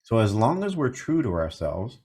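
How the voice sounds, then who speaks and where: A man's voice: on the low side, big pitch swings, moderate pace, darkish tone, husky. A man in his fifties, a mindfulness coach, giving an earnest reflective talk full of rhetorical questions and repeated key phrases. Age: 50s.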